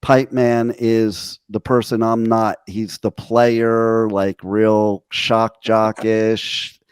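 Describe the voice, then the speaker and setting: A man's voice: fairly low pitch, little pitch movement, extremely slow, clean tone, no room sound. A middle-aged man, a radio host, telling brash stories and swearing freely in a casual interview.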